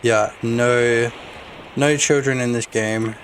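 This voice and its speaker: A man streaming his game development, chatting casually, excitable, laughing and swearing a lot. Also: mid-range voice, slow, slight background noise. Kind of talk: casual live-stream chat.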